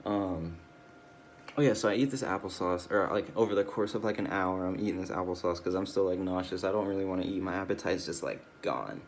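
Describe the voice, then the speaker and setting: A man's voice: sits low, fairly quick, slight background noise. A tired, drowsy man rambling through a casual personal video log, swearing often and losing his train of thought. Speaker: video diarist.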